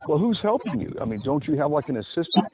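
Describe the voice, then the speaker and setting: A man's voice: a little high, very animated, quick pace, husky, no echo, pitched above the performer's own voice. A man putting on a coy, flirty woman on a date. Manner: coy, playful. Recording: tinny phone-like sound, faint hiss.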